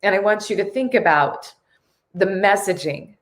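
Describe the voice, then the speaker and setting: A woman's voice: medium pitch, expressive, normal speed. Earnest, tearful woman host in an echoey room. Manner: earnest and emotional, reads viewer comments aloud. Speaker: live-stream host. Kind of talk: casual live-stream talk.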